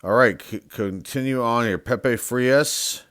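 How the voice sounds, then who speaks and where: A man's voice: medium pitch, slow pace, fairly bright tone, no room sound, studio quality. A man hosting his own channel, reading out names one by one in casual commentary and musing aloud, sometimes unsure how to say them. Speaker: sports card collector and channel host.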